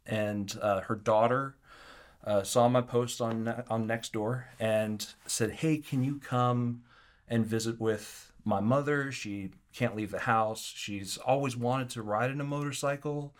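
A man telling a story as an interview guest, animated and acting out the quotes, with frequent restarts. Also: mid-range voice, unhurried. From Kansas City area.

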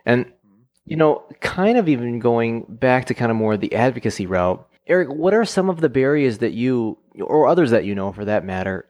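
A man's voice: mid-range voice, darkish tone. A man hosting a podcast interview, asking long, meandering questions. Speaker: podcast host.

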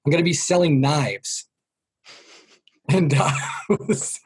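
A middle-aged sales trainer from the Boston area tells stories slowly as an interview guest, his husky voice rough around the edges and his Boston accent clear. He pokes fun at himself and drops his voice low whenever he quotes his parents.

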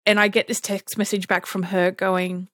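An Australian woman co-hosting a podcast, chatting casually and telling animated stories, often laughing and acting out other people's voices. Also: medium pitch, moderate pace, no echo, clean studio sound. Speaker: podcast co-host. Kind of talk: casual chat.

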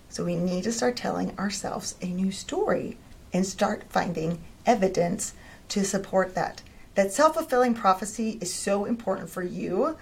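A woman in her forties, a homeschooling mom, telling personal stories in a casual talk and acting out the people she quotes. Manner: animated, acts out quoted voices with big pitch jumps.

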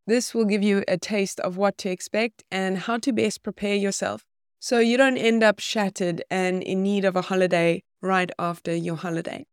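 A woman's voice: mid-range voice, clean tone, no echo, clean studio sound. A woman co-hosting a podcast, chatting casually with playful, giggly banter. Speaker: podcast co-host.

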